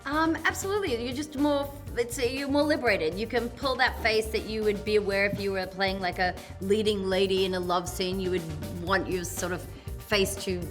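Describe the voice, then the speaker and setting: A woman's voice: medium pitch, normal speed, soft background music. A woman who is an actress, answering an interview question in a rambling, self-interrupting way. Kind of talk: casual interview.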